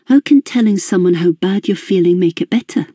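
A reader voicing a guarded young woman who speaks calmly, in a stiff and formal way. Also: on the low side, a little fast, breathy edge, no echo, clean studio sound.

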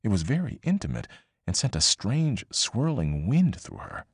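A man reading a novel aloud as audiobook narrator, measured and expressive. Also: fairly low pitch, breathy edge, no echo, studio quality. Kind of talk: scripted narration.

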